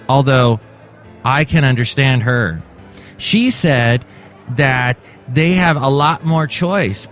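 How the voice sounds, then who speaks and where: A man's voice: mid-range voice, expressive, measured pace, fairly bright tone, faint music behind. A man hosting his own comedy podcast, rambling and jokey in a chatty monologue. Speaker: podcast host.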